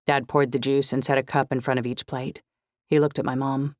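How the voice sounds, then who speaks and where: A woman giving steady, measured first-person narration of a novel. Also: very deep voice, no room sound, studio quality. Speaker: audiobook narrator.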